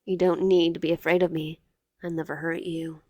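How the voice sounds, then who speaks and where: A woman's voice: fairly low pitch, flat delivery, fairly quick, warm tone, no echo, natural voice. A woman voicing a possessive, tearful teenage boy classmate who pleads and clings. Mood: pleading.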